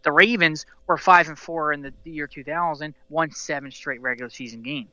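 Guy ranting about his football team, bright crisp voice, dry slightly dull audio. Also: on the high side, steady tone, a little fast, no echo. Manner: rambling, passionate fan, many restarts. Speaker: podcast host. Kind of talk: casual sports talk.

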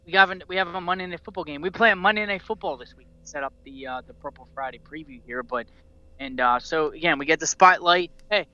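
Guy ranting about his football team, bright crisp voice, dry slightly dull audio. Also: on the high side, fast talker, no echo. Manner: rambling, passionate fan, many restarts. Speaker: podcast host. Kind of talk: casual sports talk.

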